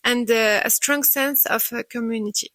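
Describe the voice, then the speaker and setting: A woman in her thirties from Morocco with a French accent, answering interview questions in a soft, hesitant way with many pauses. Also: fairly high pitch, fairly even intonation, no room sound. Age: 30s. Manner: soft-spoken, hesitant with frequent uhs. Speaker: Pilates studio owner, guest.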